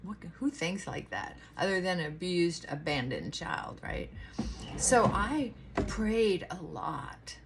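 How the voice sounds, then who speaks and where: A woman's voice: on the low side, big pitch swings, takes it slowly, creaky, noisy background. A middle-aged woman chatting casually to her viewers in her bedroom, rambling with asides to her dog. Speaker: vlogger. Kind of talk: casual morning chat.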